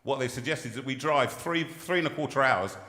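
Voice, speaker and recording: A man hosting a relaxed live-stream chat, talking in a chatty way with lots of restarts and laughs. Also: medium pitch, fairly quick. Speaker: host. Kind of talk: casual chat. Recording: roomy live-stream sound with reverb.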